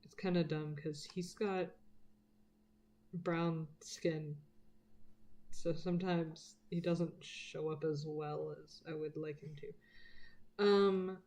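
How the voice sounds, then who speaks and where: Lady art streamer, low-ish voice, slow and rambly, swears a lot, mumbles while she draws. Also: mellow. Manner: swears freely, rambling, self-deprecating. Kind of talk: casual chat while drawing live.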